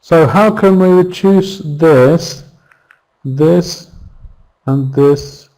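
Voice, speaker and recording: Slow-talking male teacher. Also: on the high side, dark tone, rough recording. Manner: patient, drawn-out spoken examples. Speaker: English pronunciation teacher. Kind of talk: online class lesson.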